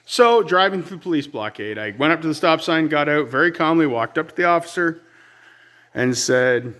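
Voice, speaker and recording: A man's voice: on the high side, expressive, moderate pace, a bit bright. A man from Ontario, telling a rambling, exasperated story in a casual outdoor vlog on his rural homestead. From Ontario, Canada. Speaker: vlogger.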